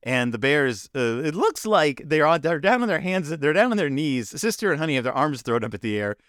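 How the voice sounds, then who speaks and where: Casting: man, comic book reviewer, rambling with wry asides, very lively pitch, dry close sound. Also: brisk, no echo.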